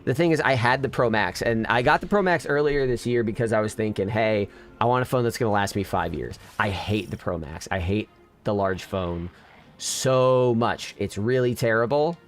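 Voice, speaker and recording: A man's voice: lowish voice, moderate pace. Man venting candidly to his stream chat. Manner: candid, venting, talks to chat with many restarts. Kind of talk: casual live-stream chat.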